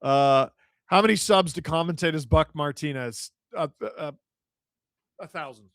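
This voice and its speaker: A man hosting a live stream, reading viewer chat with jokes and shouting play-by-play when a goal goes in. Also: on the high side, measured pace, no room sound, clean studio sound. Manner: joking, excitable, shouts on goals. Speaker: livestream host reading chat. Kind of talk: casual live watch-along chat and play-by-play.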